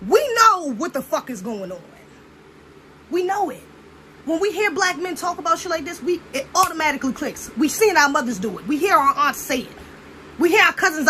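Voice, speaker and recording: A woman's voice: high voice, sing-song, moderate pace, sharp tone, slight background noise. A young American woman giving a blunt, preachy, profane casual monologue. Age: young adult. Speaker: commentator.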